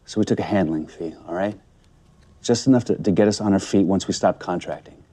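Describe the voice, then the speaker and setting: An actor playing a defensive former contractor turned loan shark who speaks in a matter-of-fact way. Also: male voice, low-pitched, fairly quick, warm tone, slightly rough.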